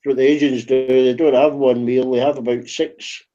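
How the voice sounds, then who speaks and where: A blunt, casually swearing man, chatting in a relaxed way. His voice is mellow and dark, and the recording sounds dull and lo-fi. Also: mid-range voice, moderate pace. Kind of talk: casual chat.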